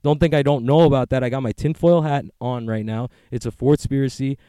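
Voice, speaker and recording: A man's voice: medium pitch, brisk, warm tone, clean tone, no room sound, clean studio sound. A man talking in a casual, rambling monologue, swearing often and joking as he goes.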